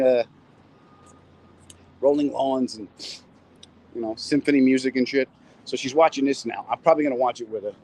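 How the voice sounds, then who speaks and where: A man's voice: medium pitch, a little mellow, slightly rough, low-quality recording. A middle-aged man, a comedian, chatting casually and cracking jokes while he walks city streets, talking into a phone and reading out viewer comments. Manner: rambling, wisecracking, reads out viewer comments. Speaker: comedian hosting a live stream. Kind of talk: casual chat while walking. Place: walking city streets outdoors.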